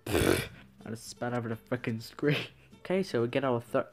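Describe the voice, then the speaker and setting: A man's voice: on the low side, a little slow, vocal fry, soft background music. A man giving let's-play commentary, muttering to himself and swearing casually as he plays. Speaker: gaming video creator.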